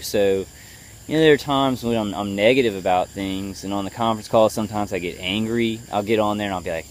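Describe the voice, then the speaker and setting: Deep-voiced man, halting and calm. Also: slight background noise. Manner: halting, full of fillers and restarts; tries to stay calm and level. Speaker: vlogger. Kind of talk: personal video update.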